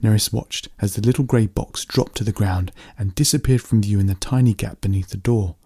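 A man reading a story aloud in a steady, plain narrating voice. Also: lowish voice, brisk, slightly rough.

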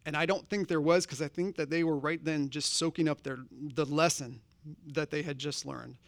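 A man's voice: a little high, fairly even intonation, normal speed, no room sound. A man preaching a sermon, earnest and conversational, posing direct questions to his congregation. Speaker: pastor.

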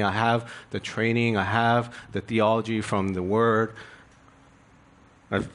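A man's voice: fairly low pitch, fairly bright tone. A male pastor preaching a sermon in an earnest, confessional way, building emphasis through rhetorical questions.

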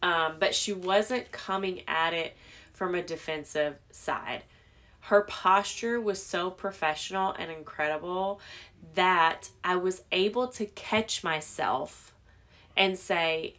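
A woman's voice: fairly low pitch, slow pace, a bit bright. A young adult woman hosting a podcast alone, talking candidly and reflecting on herself in a casual, conversational way with many fillers. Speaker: podcast host. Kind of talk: casual solo podcast monologue.

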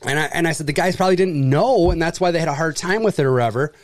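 A man telling a story in casual chat, acting out the people in it with jumps in voice and plenty of swearing. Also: rapid-fire. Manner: animated, acts out quoted people with pitch jumps, swears freely. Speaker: furniture delivery and service worker.

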